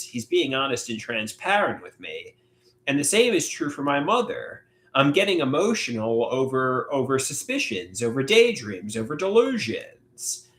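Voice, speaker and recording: A man hosting a live solo stream, talking in a halting, reflective way with many filler words. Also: fairly high pitch, fairly bright tone. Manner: halting, reflective, frequent "you know" fillers. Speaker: livestream host. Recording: echoey room.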